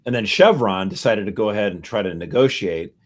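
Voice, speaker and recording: Man, low voice, podcast co-host, casual news talk, animated explainer. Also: a little fast. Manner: animated explainer, piling up figures and asides.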